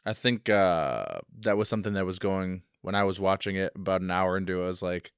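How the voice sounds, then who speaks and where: A man guesting on a podcast in casual chat, throwing in quick jokes. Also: deep voice, clean tone, dry recording, clean studio sound. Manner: jokey, quick quips.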